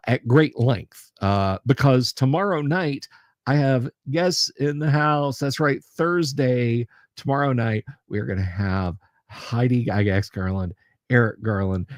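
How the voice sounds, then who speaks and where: A middle-aged man hosts a loose livestream chat, joking and rambling, often restarting his sentences with fillers. His voice sits at an ordinary middle pitch and sounds close and dry, with little room behind it. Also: no room sound. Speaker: livestream host.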